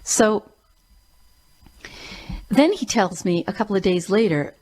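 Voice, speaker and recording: A woman's voice: mid-range voice, animated, slow, darkish tone. A woman hosting her own show, telling a personal story in an earnest, emphatic way. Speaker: show host and grief coach.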